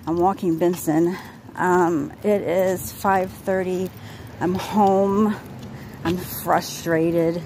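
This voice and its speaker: A woman's voice: fairly low pitch, fairly even intonation, very slow, mellow, slight background noise. A woman in her forties venting in a casual vlog while walking her dog outdoors, exasperated and rambling with restarts, recorded on a handheld phone. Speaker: vlogger.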